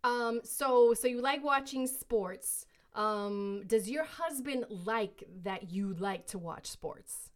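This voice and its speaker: A woman from New York co-hosting a casual podcast, firing off quick short questions and laughing easily. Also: a little high. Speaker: podcast co-host.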